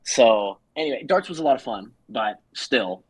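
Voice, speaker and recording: A man with a husky, slightly rough voice, close and dry with no room sound. He tells a story as casual podcast chat, rambling and full of "like," and slips into quick impressions of the people he quotes. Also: medium pitch, expressive, dry recording, poor audio. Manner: rambling, filler-heavy, acts out quoted people. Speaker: podcast co-host.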